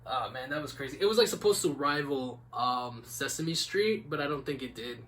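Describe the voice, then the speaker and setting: A man's voice: medium pitch, expressive, moderate pace, fairly bright tone, slight background noise. A young man hosting a casual podcast, rambling laid-back with lots of "like" and "man.". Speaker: podcast host. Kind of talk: casual chat.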